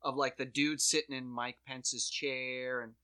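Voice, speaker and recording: Bright-voiced, swearing casual storyteller. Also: mid-range voice, flat delivery, a little slow, clear, resonant tone. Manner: swearing storyteller who acts out quotes. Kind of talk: casual chat.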